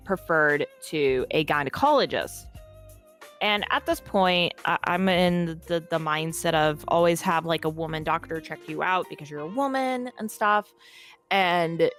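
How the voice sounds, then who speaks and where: A woman's voice: low-pitched, unhurried, a bit bright, soft background music. A woman guest in an interview, telling a personal story in a casual, candid and profane way.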